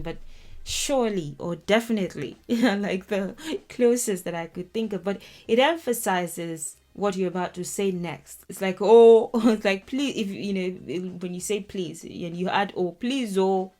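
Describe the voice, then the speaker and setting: A woman teaching a language lesson who explains song lyrics word by word, laughing often and speaking in a lively, informal way. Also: mid-range voice.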